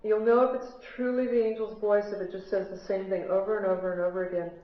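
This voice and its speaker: A woman's voice: mid-range voice, fairly even intonation, quick pace. Woman telling stories in an echoey hall. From United States. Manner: chatty, asks the audience questions. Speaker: spiritual speaker. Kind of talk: live talk to an audience, storytelling. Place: large hall with a live audience. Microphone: recorded from the audience on a handheld MP3 player. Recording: lo-fi echoey hall recording from the audience.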